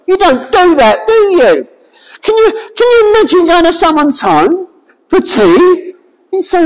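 A woman preaching a sermon, expressive and full of rhetorical questions to her listeners. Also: extremely high pitch, measured pace, big-room sound, poor audio.

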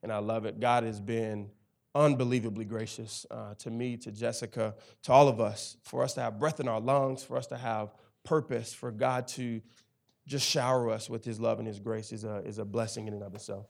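Speaking at a normal speed in a fairly low, creaky voice, a Tennessee man in his thirties tells his personal testimony conversationally. He's a campus ministry director and chaplain, and his storytelling is emphatic and animated.

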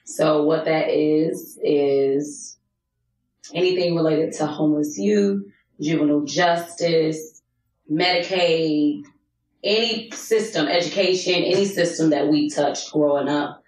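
Low-voiced chatty woman, roomy echo. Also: takes it slowly, darkish tone. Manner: chatty, long-winded storytelling. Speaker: podcast guest, policy advocate and realtor. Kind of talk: casual podcast chat. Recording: roomy echo, distant mic.

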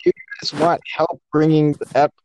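A man's voice: fairly high pitch, level tone, fairly quick, a little mellow, a little hiss or hum. A young man hosting a casual chat podcast, rambling and restarting his words on a cheap mic. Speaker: podcast host. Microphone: cheap mic, said to be bad.

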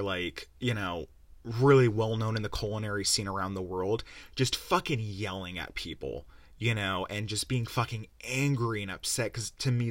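A man's voice: on the low side, a bit bright, no echo. A young man hosting a podcast, rambling and sarcastic as he swears his way through a casual review. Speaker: podcast host. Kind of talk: casual rant-style review.

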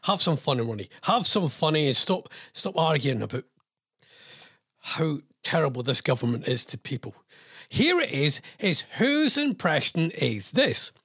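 Rambling radio host, husky tone. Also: male voice, on the high side, big pitch swings, measured pace, a bit bright, no room sound, clean studio sound. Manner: rambling, self-deprecating asides. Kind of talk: casual radio chat.

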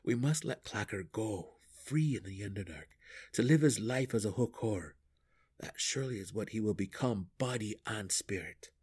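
A man voicing a gruff, grim male deep gnome in an audiobook reading, speaking in a calm, measured way.

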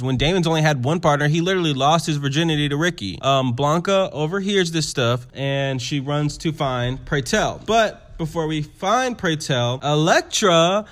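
A man casually recapping a TV episode in a sassy, chatty way, swearing freely and filling gaps with ums and asides to his viewers. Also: fairly high pitch. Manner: chatty, sassy, profane, lots of fillers. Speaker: TV recap host.

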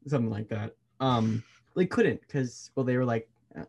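A man's voice: medium pitch, expressive, normal speed, vocal fry, darkish tone, breathy edge. A man co-hosting a movie podcast in casual chat, playful and hesitant, with many fillers. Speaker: podcast co-host.

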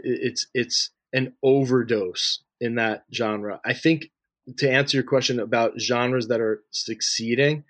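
Man, 30s, interview guest. Conversational and loose, level pitch, dry room. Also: no echo. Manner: loose and talky, heavy on fillers like "you know" and "like", frequent restarts. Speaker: interview guest, music industry figure.

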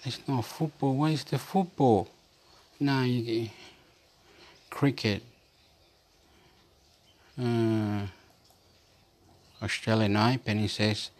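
A man's voice: medium pitch, steady tone, very slow, pauses often, a little mellow. A man from Chile talking in a rambling, repetitive casual monologue, reading bits aloud from a screen as he goes.

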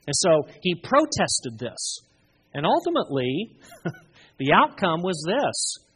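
A preacher giving a sermon, retelling a parable with emphatic, expressive storytelling and dramatic pauses. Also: mid-range voice, breathy edge.

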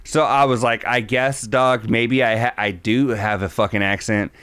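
A man's voice: mid-range voice, steady tone, normal speed, fairly bright tone, smooth, no room sound. Guy cohosting a podcast, swears a lot, rambles, dry close sound. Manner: loose, profane, rambling with many fillers. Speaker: podcast co-host. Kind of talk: casual chat.

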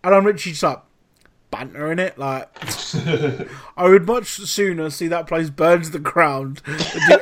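A man's voice: high voice, a little hiss or hum. A man hosting a podcast, telling a story in casual chat with lots of swearing. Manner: animated storytelling, heavy swearing. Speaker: podcast host.

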